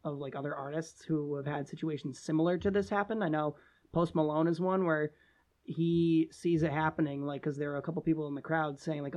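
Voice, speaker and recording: A podcast co-host in casual conversation. The speech is animated and packed with "like"s and restarts. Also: medium pitch, a little fast. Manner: animated, heavy use of "like".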